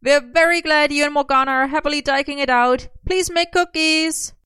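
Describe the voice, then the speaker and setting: A woman voicing a loud, whiny young man. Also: on the high side, very animated, a little fast, no echo, clean studio sound, pitched above the performer's own voice. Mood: excitable. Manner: shouting and pleading.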